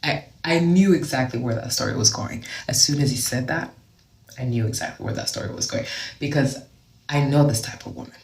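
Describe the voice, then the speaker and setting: A man casually telling a dating story time, animated, often raising his voice to mimic other people. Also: mid-range voice, fairly quick, reverberant.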